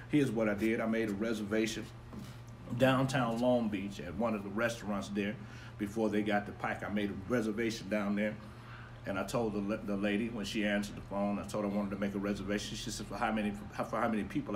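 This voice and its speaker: A man preaching as a pastor on a casual live stream, giving upbeat shout-outs to viewers and telling a personal story in a quieter voice. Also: lowish voice, a little hiss or hum. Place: home backyard.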